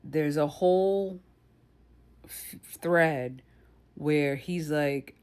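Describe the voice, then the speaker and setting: A woman's voice: sits low, takes it slowly, a little mellow. A woman giving casual commentary on a true crime case, with a blunt, indignant, conversational manner.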